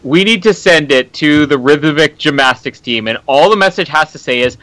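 Young male podcast co-host, high bright voice, dry teasing wit, close dry sound. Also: animated, normal speed, no echo, poor audio. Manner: dry teasing jokes, chuckling. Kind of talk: casual chat.

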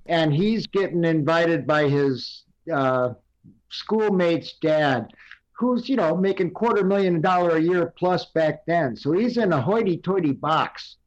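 A man's voice: fairly high pitch, a little slow, highs cut off. An older man telling rambling stories and quiz questions on a casual podcast over a video call, full of fillers. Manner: rambling storyteller with many fillers. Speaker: recurring guest segment host.

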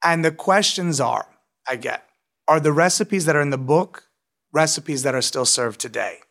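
A man's voice: fairly high pitch, moderate pace, creaky, a bit bright. A man, a restaurant owner and author, telling emotional stories in an interview, often asking "right?". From United States. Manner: emotional, storytelling, frequent "right?".

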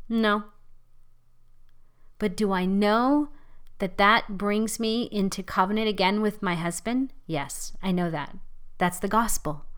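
A middle-aged woman leading a ministry, teaching in an impassioned, conversational sermon style that swings between loud and hushed. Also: mid-range voice, smooth. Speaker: ministry leader.

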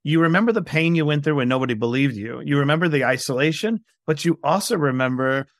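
Brief: gravelly, dry-miked man in his forties from New York, animated storyteller in an interview. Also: on the high side, fast, no echo. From New York, USA. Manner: animated, acts out quoted dialogue. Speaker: guest entrepreneur.

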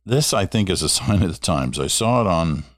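A man's voice: deep voice, lively intonation, moderate pace, no room sound, clean studio sound. An older Canadian man hosting a radio talk show, chatting in a storytelling way and reading listener letters. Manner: warm storytelling, reads listener letters aloud. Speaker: radio host. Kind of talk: casual talk radio monologue.

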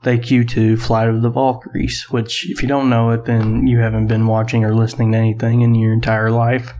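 A man's voice: mid-range voice, monotone, brisk, mellow, lo-fi sound, slight background noise. Rambling joking man on a podcast. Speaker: podcast co-host. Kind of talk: casual recap chat.

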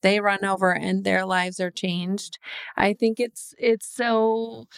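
A woman's voice: mid-range voice, little pitch movement, takes it slowly, creaky, clear, resonant tone, dry recording, clean studio sound. A woman hosting a faith conversation, asking reflective questions and thinking aloud. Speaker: host, pastor at the church. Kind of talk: interview conversation.

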